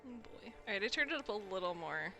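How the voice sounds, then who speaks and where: A woman's voice: medium pitch, expressive, fast, vocal fry, music in the background. Wry, chatty woman streaming a game. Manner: wry, chatty, swears casually. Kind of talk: casual gameplay commentary.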